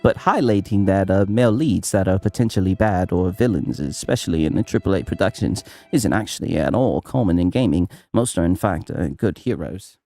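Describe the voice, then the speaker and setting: A man streaming gaming reactions in casual, excitable commentary, swearing often and laughing a lot. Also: low voice, a little fast, gravelly, hardly any pauses, no echo, clean studio sound, soft background music.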